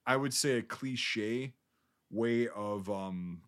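A man's voice: mid-range voice, takes it slowly. A man co-hosting a podcast, rambling through a casual film discussion with lots of fillers and swearing. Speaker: podcast co-host.

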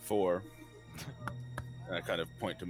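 A man playing his character in a tabletop game, speaking in a grim, resolute and deliberate way. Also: low-pitched, steady tone. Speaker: player. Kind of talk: in-character role-play. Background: music.

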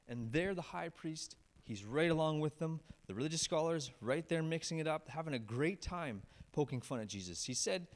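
A man, a pastor, preaching a sermon. He tells the story with feeling, raising his voice on some lines and dropping low and quiet on others. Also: a little fast, hardly any pauses. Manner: animated storyteller, swings from raised emphatic lines to low hushed ones.

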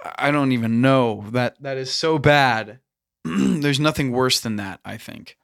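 Earnest man, halting delivery with restarts, bright sound. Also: medium pitch, vocal fry. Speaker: podcast host. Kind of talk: casual discussion.

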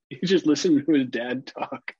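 A young adult man co-hosting a casual podcast, telling animated stories and swearing freely. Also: medium pitch, highs cut off, slight background noise. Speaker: podcast co-host.

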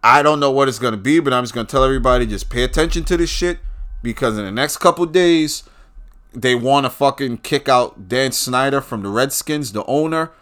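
A man delivering a profane political rant, swinging between low muttering and loud outbursts. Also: a little fast.

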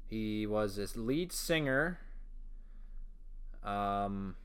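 A young man hosting his own podcast in a smooth, clear voice. He talks slowly and rambles, swearing freely and breaking into sudden shouts. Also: on the low side, expressive. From Ontario, Canada. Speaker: podcast host. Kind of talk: casual solo podcast rant.

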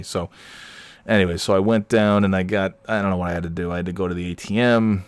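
A man with a very low voice tells a meandering anecdote, swearing often and circling back on himself with fillers. His voice sounds close and dry, with no room behind it. He talks like a host ranting casually to his listeners. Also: steady tone, fast talker, clean tone, dry recording. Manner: profane, rambling storyteller with frequent fillers; irritated, ranting. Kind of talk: rambling anecdotal monologue.

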